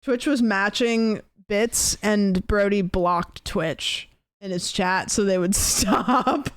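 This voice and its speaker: A woman's voice: mid-range voice, fairly even intonation, slow pace, smooth, dry recording, studio quality. A young woman streaming, chatting casually and mocking herself with frequent laughs. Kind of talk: casual chat. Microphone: desk mic.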